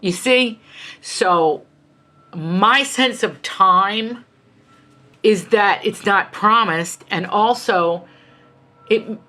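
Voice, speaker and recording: A woman's voice: mid-range voice, bright, forceful tone. A middle-aged woman from the United States, an author being interviewed, telling family stories in a passionate, emphatic way. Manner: passionate, emphatic, jumps into quoted voices. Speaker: author and guest. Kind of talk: animated conversational storytelling.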